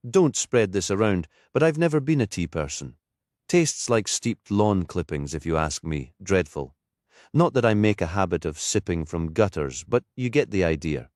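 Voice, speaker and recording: A man's voice: sits low, lively intonation, moderate pace, a little mellow, no room sound, studio quality. A man voicing a talkative, friendly middle-aged woman vicar in an audiobook. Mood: chatty.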